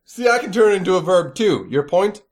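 A man co-hosting a podcast in casual banter, animated, who often mimics other people in put-on voices. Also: high voice, brisk. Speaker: podcast co-host.

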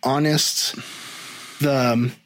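A man's voice: mid-range voice, steady tone, extremely slow, poor audio. A middle-aged man talking casually as a podcast guest, rambling with many ums and restarts. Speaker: guest, video editor.

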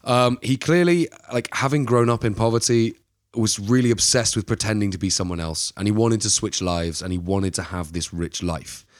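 Low-voiced man telling a true-crime story. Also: moderate pace, no room sound, studio quality. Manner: rambling, playful storytelling. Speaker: podcast co-host. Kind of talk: casual true-crime chat.

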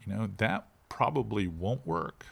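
A middle-aged man, a fishing instructor talking in a casual interview with animated, shifting inflection. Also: fairly low pitch, measured pace, gravelly, husky.

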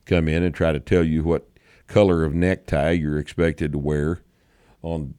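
A man's voice: extremely low pitch, flat delivery, normal speed, warm tone, clean tone, no echo, clean studio sound. A man hosting a casual podcast chat, blunt and opinionated, with some profanity. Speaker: show host.

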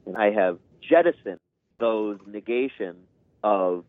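A man's voice: fairly low pitch, moderate pace, dry recording. A man talking in a casual podcast conversation, sharing his experience as a parent in an earnest, reflective way. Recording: tinny phone-like line.

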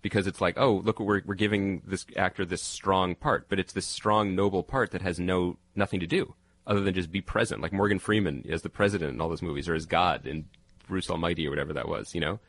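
A man, a TV critic guest on a podcast, chatting animatedly and jumping up in pitch to make a point. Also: quick pace, dry recording. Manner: animated, jumps up in pitch when making a point. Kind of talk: casual chat.

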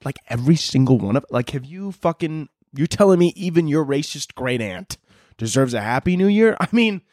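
A young man hosts a podcast in a profane, rambling comedy monologue, breaking into laughter often. His voice sits a little high. The sound is dry and close, with no room echo. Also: lively intonation, a little fast, a little mellow. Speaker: podcast host.

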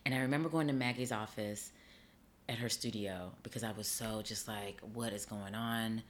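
A middle-aged woman, an actor and acting teacher, chatting in an interview and telling her story with lively acted-out dialogue. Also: very deep voice, fairly quick, slight background noise. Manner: animated storyteller, acts out quoted dialogue. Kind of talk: casual interview chat.

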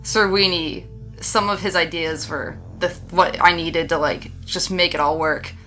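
A woman's voice: fairly low pitch, fairly even intonation, measured pace, bright, forceful tone, soft background music. A woman game designer, a guest on a podcast, chatting easily with lots of fillers and frequent laughs. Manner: laughing, easygoing, filler-heavy. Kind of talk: casual podcast chat.

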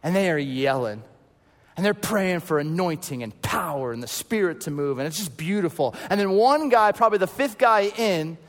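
A male pastor in his thirties preaching a sermon, telling stories and swinging from loud to hushed. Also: sits high, animated, moderate pace, big-room sound.

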